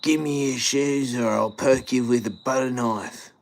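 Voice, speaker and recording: A man voicing a brash young male street hustler in Australian eshay slang, high, loud and swaggering. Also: steady tone, a little slow, close to an everyday voice, rough recording. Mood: pleading. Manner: wheedling and aggressive, calls everyone brother.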